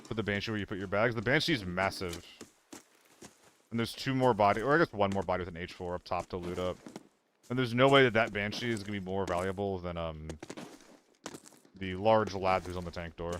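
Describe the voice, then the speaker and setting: A man's voice: low voice, a little fast, fairly bright tone, a little hiss or hum. A man streaming a shooter game, chatting casually and mocking himself while he loots and talks to his chat. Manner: rambling, self-mocking banter with chat. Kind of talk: casual gameplay commentary.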